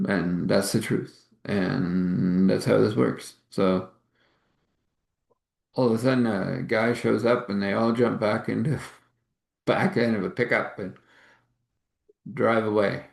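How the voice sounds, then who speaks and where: A man telling a spiritual story in a relaxed way, laughing often. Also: lowish voice, slow, gravelly, long pauses. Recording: roomy echo.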